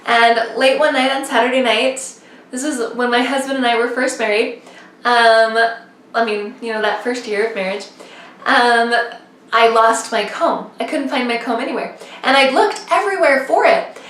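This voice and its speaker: A woman's voice: fairly high pitch, normal speed, a bit bright. Chatty woman vlogging in an echoey room. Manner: rambling, chatty with many fillers. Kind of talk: casual chat to camera. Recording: echoey room, mic at a distance.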